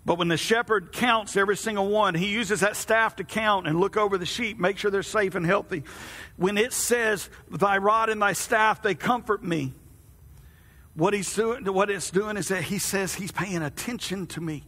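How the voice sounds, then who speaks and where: A man delivers a folksy, conversational sermon, his voice pitched high and ringing bright. He talks to the congregation as friends, asking them questions along the way. The sound carries the long reverb of a church hall. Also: normal speed. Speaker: pastor.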